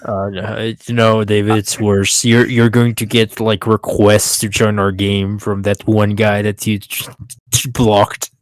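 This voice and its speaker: Man, low-ish voice, casual game chat, chatty, dry close sound. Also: little pitch movement, unhurried, dry recording. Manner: chatty, laughs between lines. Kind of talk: casual chat among friends playing a tabletop game.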